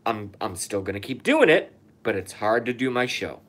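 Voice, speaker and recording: A man's voice: lowish voice, very animated, moderate pace, a bit bright. A man hosting his online show from an apartment, ranting in a furious, profane, repetitive comedic conspiracy monologue into a phone. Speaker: YouTube show host.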